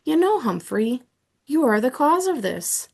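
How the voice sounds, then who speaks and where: A woman doing a gentle schoolteacher. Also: high-pitched, very animated, unhurried, vocal fry, breathy edge, pitched above the performer's own voice, exaggerated voice. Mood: fond. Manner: gentle, explaining to a class. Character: kind warm-hearted female schoolteacher, middle-aged.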